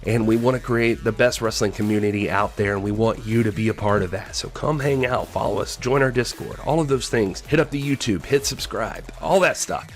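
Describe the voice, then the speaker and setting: A man hosting a podcast, giving a casual and opinionated wrestling recap with animated storytelling and exasperated asides. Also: fairly low pitch, brisk, few pauses, soft background music. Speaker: podcast host.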